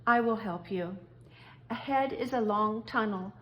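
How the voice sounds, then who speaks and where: A woman voicing a kindly but stern male train engine driver in a storybook read-aloud, in a calm, plain voice. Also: medium pitch, measured pace, lo-fi sound, natural voice.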